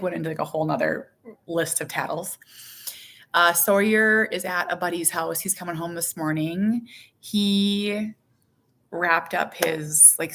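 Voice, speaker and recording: A woman's voice: mid-range voice, fairly bright tone. A woman casually vlogging about her busy family life, rambling and self-deprecating, with lots of fillers. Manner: chatty and rambling, with many fillers, self-deprecating asides and acted quotes. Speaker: vlogger and mother. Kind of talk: casual personal vlog chat.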